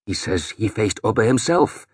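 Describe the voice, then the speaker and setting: A man's voice: on the low side, lively intonation, moderate pace, darkish tone, husky, no room sound, studio quality. A man doing a nervous, hissing old priest. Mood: hushed. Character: anxious older male priest, hushed and pleading.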